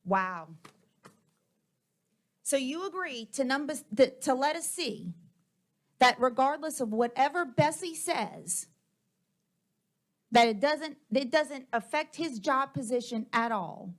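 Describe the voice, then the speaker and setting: A woman's voice: sits high, animated, a little slow. A woman, a school board member speaking heatedly and confrontationally at a public board meeting into a table microphone.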